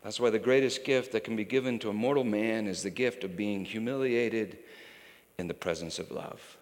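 A man preaching a sermon with passion, dropping to a hush and then rising to a shout. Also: fairly low pitch, moderate pace. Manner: impassioned, swinging from hushed to shouting. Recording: reverberant hall.

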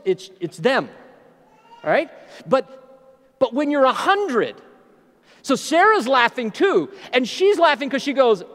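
A middle-aged man preaching a sermon as a pastor, an animated storyteller who jokes his way through. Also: high voice, a little slow, big-room sound.

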